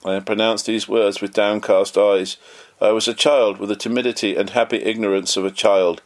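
A man reading a memoir aloud in an earnest, measured way, lightly voicing the quoted lines. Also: lowish voice, steady tone. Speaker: audiobook narrator.

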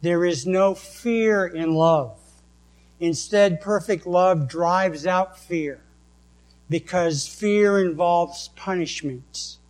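A man with a New England accent, preaching a sermon and reading scripture verses slowly and deliberately. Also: high-pitched, a little mellow, poor audio. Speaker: pastor.

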